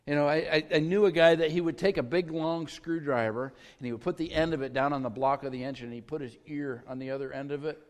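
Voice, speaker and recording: A man's voice: on the high side, fairly even intonation, fast talker, few pauses. A middle-aged man preaching a sermon as a pastor, with a conversational, folksy storytelling manner and touches of humor. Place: church sanctuary. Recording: long church reverb.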